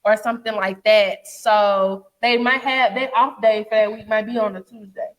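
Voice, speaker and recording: A woman's voice: mid-range voice, normal speed, big-room sound. A young woman, co-hosting a podcast in casual chat, blunt and profane as she rants. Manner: blunt, profane, animated ranting. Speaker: podcast co-host.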